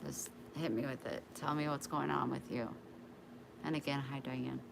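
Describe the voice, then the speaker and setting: A woman's voice: extremely low pitch, fairly even intonation, normal speed, creaky. A middle-aged woman hosting a casual livestream from a living room on a phone, chatting and greeting her viewers by name. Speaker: livestream host. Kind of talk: casual live-stream chat. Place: living room in a home, indoors. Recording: noisy home livestream.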